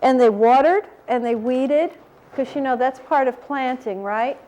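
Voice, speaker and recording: A woman reading a picture book aloud to children, animated and asking them questions. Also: high voice, measured pace, a little hiss or hum. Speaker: storyteller.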